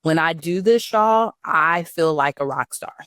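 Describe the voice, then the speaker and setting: A man's voice: fairly high pitch, animated, measured pace, bright, forceful tone, smooth, no room sound, studio quality. A man coaching business owners in a casual online teaching talk, conversational and often checking in with his listeners. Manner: conversational, often asks "right?" and says "y'all".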